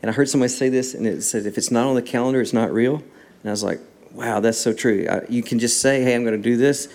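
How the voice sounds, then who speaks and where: A man's voice: mid-range voice, quick pace. A man, a songwriter and guest, telling stories in a casual interview and acting out the dialogue. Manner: animated storyteller acting out dialogue.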